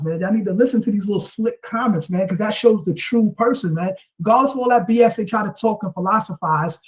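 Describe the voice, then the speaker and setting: A man with a high, somewhat dark voice rants casually and emphatically on a vlog, often ending his points with a rhetorical question and repeating "you know what I'm saying." The audio quality is poor.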